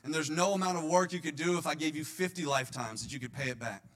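Guy preaching a sermon, bright voice, goes quiet then loud, acts out what people and god would say. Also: on the high side, quick pace. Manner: swings between quiet intimate passages and loud emphatic bursts; slips into imagined voices of listeners and God.

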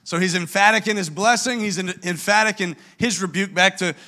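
Bright, high-voiced male preacher. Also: fairly quick. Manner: emphatic, earnest preaching with frequent restarts. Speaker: pastor. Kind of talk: sermon.

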